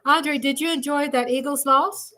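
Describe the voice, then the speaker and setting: A woman's voice: high voice, steady tone, moderate pace, pushed and bright. A woman hosting a casual livestream from home, bubbly and chatty, laughing often. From Texas. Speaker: livestream host.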